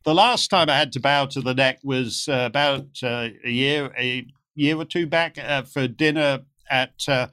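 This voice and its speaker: A man guest in an interview, telling animated anecdotes and acting out the voices of the people in them. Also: medium pitch, normal speed, clean tone. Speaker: guest commentator. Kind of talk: storytelling interview chat.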